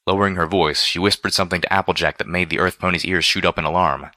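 A man narrates a first-person story with a very deep, low voice that carries a forceful, tense edge. His reading is measured and deliberate, recorded close and completely dry. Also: steady tone, dry recording. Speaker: audiobook reader.

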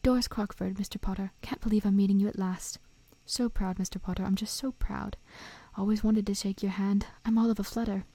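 A woman's voice: mid-range voice, fairly even intonation, fairly quick, warm tone, no room sound, natural voice. A woman voicing a gushing, star-struck older woman who talks in a fluttery way.

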